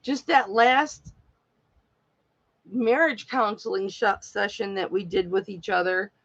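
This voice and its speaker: A woman's voice: medium pitch, steady tone, slow pace, highs cut off. A woman talking candidly and at length to her live-stream viewers in a heartfelt, rambling way. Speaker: live-stream jewelry seller.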